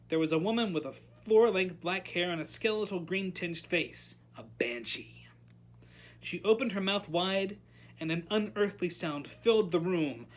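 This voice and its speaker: A librarian reading a novel aloud at storytime, animated and calling out the characters' lines. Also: medium pitch.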